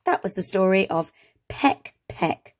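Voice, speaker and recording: A woman reading an early reader aloud to young children, gently sounding out words and asking encouraging questions. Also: medium pitch, expressive, a little slow. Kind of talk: children's read-along lesson.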